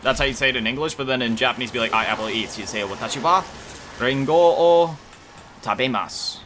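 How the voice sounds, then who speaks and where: A man plays a game while chatting casually, speaking fairly quickly in a mid-range voice with a sharp tone. As a gaming video creator, he rambles, corrects himself often, and uses lots of fillers and self-mocking chuckles. A little hiss or hum is audible.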